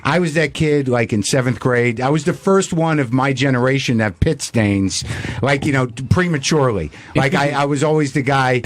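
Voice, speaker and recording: A man's voice: medium pitch, normal speed. A man on a radio show as a guest, telling rambling, self-mocking stories. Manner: self-deprecating, rambling storyteller. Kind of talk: casual radio banter.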